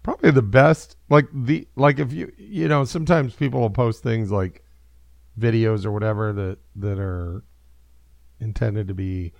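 A middle-aged man with a gravelly, fry-edged voice hosts a casual talk show, rambling through thoughts on parenting and laughing easily. His delivery is loose and self-deprecating. The sound is dry and close, like a studio mic. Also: on the low side, normal speed, no room sound. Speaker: radio show host and father.

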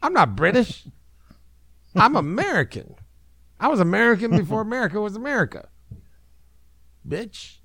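A man's voice: high voice, sing-song, moderate pace, pauses often, fairly bright tone, dry recording, voice pushed up, exaggerated voice. A man doing a brash ancient mastodon. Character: crude ancient male mastodon, boastful.

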